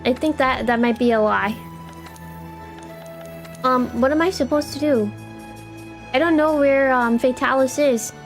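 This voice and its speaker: A woman's voice: high voice, a little slow, pauses often, soft background music. A young woman streaming a game live, chatting with her viewers in a playful, teasing way.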